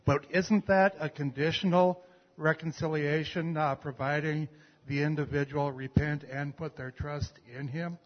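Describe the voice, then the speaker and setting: A man's voice: a little high, fairly even intonation, unhurried, muffled recording. Man asking a question in echoey room. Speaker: class participant. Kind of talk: question in class discussion.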